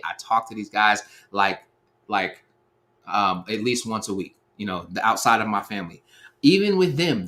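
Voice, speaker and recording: A man in his thirties telling a personal story in a relaxed, slangy way, acting out the quotes as he goes. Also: fairly low pitch. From Seattle area, USA. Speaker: speaker sharing life advice. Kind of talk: storytelling talk.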